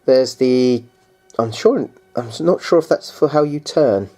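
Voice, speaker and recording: Mellow-voiced rambling man. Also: mid-range voice, a little slow, soft background music. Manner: rambling and hesitant, many restarts, keeps addressing viewers as guys. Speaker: tabletop game unboxing vlogger. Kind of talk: casual unboxing chat.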